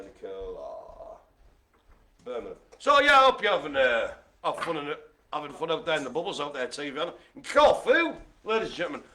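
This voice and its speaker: A man's voice: a little high, bright, forceful tone, slight background noise. A man hosting a live-streamed bingo game, joking and playing the showman as he calls out each item. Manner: jokey, playful, showman-like. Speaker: bingo caller and host.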